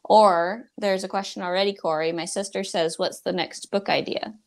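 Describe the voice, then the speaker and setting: A woman's voice: mid-range voice, steady tone, moderate pace. A young woman, a children's book illustrator, chatting casually and laughing easily between her thoughts. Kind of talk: casual bookstore video chat.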